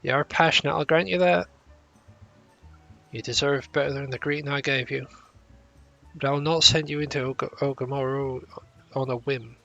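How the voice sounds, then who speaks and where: A gravelly, stern old sea captain from a fantasy game, put on by a man reading along. His talk is formal and old-fashioned, with a rough fry in the voice and a bright, forceful edge. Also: mid-range voice, steady tone, normal speed, highs cut off, faint music behind. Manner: formal old-fashioned speech, stumbles over words.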